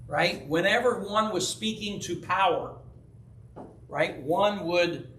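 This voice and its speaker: Man, pastor, Bible study, storytelling, keeps asking "right?", high bright voice, echoey church room. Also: slow pace, a little hiss or hum. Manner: animated storyteller who acts out quoted voices; frequent checking with "right?". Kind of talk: conversational Bible teaching with personal stories. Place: church hall.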